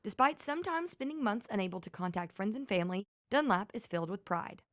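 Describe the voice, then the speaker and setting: A woman reporter narrating a televised news feature. Her delivery is measured and clear, at an ordinary middle pitch, read from a script. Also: sing-song, slight background noise.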